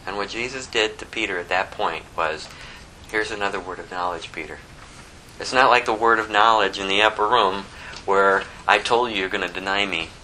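Male pastor preaching; bright, forceful tone, lowish pitch. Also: moderate pace, a little hiss or hum, poor audio. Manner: animated, quotes scripture in a rising voice, prays softly. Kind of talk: sermon with scripture reading.

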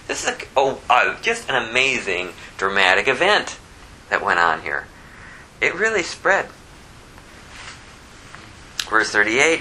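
A man preaching an expository Bible sermon in an animated way, reading scripture aloud and swinging from hushed asides to loud, emphatic bursts. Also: mid-range voice, slight background noise, low-quality recording. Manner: reads scripture aloud in King James wording. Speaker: pastor.

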